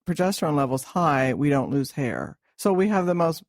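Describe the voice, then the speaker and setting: A middle-aged woman talks through hormone changes in a steady, explanatory way, pausing on small fillers. Her voice has a gravelly, creaky edge. The sound is dry and close, with no room echo. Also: deep voice. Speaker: podcast co-host, hormone expert. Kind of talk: casual chat.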